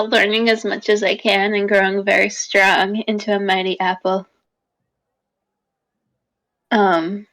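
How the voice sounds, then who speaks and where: A woman voicing a young adventurer reading a letter home, hesitant and full of pauses. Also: medium pitch, fairly bright tone, poor audio. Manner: hesitant, with many ums.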